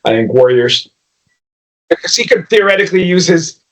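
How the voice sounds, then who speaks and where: Higher-voiced laughing game master, a man. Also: lively intonation, normal speed, poor audio. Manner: laughing often, restarts sentences. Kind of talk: running a tabletop game over voice chat.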